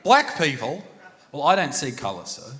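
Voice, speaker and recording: Brash Australian comedian on a stage mic. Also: male voice, a little high, wildly swooping pitch, moderate pace, crowd noise. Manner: brash, crude and loud, bursting into shouts. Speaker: stand-up comedian. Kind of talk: live stand-up comedy. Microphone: handheld stage mic. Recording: long reverb of a live venue.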